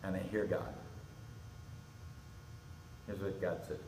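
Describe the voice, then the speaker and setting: Middle-aged male pastor, low voice, animated youth sermon, long reverb hall with faint background hum. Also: normal speed, pauses often, distant mic. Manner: animated storytelling, acts out quotes. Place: church hall. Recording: echoey hall with faint ambience.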